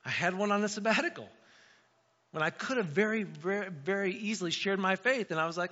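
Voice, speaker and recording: A man's voice: high-pitched, fast. A middle-aged man preaching a casual, story-driven sermon to his church, often acting out voices in asides. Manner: conversational, animated storytelling with acted asides. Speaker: pastor. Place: church sanctuary. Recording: dull sound with long hall reverb.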